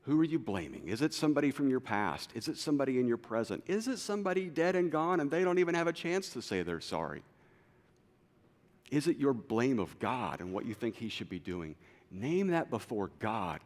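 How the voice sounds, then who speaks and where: A man preaching to his congregation, his voice sitting at an ordinary middle pitch. He swings from loud, urgent lines to quiet, low ones. A long reverb trails each phrase in the hall. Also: very animated, brisk. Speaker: pastor. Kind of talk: sermon. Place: church auditorium.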